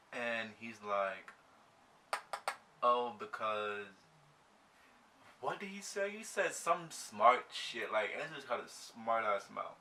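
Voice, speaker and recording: Animated young man telling a storytime. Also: medium pitch, slow pace, recorded from a distance, slight background noise. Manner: animated, slangy, acts out his own reactions. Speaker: vlogger. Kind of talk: storytime while getting ready.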